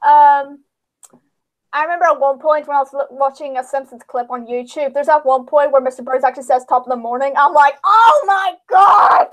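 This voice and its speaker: A woman chatting casually on a livestream, laughing often and acting out script lines in quick voices. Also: high voice, fairly even intonation.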